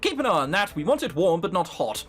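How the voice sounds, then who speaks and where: A man's voice: sits high, sing-song, fast talker, a bit bright, soft background music. A man voicing a polite, composed young man in a game, his phrasing courteous and formal.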